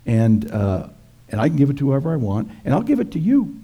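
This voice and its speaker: A man voicing a sly, smooth-talking devil who tempts and wheedles in a retold scripture story. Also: mid-range voice, huge pitch swings, fairly quick, mellow, full character voice. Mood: wheedling.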